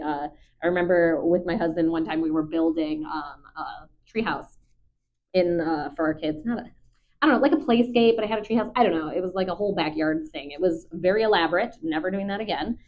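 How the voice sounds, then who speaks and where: A woman dog trainer calmly talking through a training session, chatty and patient with frequent ums. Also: lowish voice, a little fast. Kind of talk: live dog training commentary. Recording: dull lo-fi recording.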